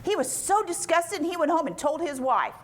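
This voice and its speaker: A woman speaker at a retreat giving informal Bible teaching in a lively, colloquial storytelling manner. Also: very high-pitched, brisk, slight background noise.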